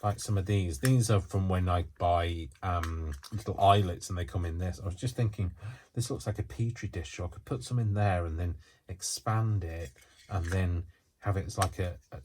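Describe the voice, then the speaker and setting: A man hosting a casual craft demonstration from a home craft space, talking in a rambling, excitable way with lots of fillers. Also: low voice, moderate pace. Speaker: craft channel host.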